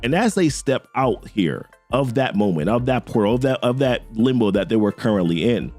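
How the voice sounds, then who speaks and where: A man's voice: mid-range voice, moderate pace, faint music behind. A man casually recapping a comic book story in a slangy, conversational way. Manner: slangy, conversational, lively delivery.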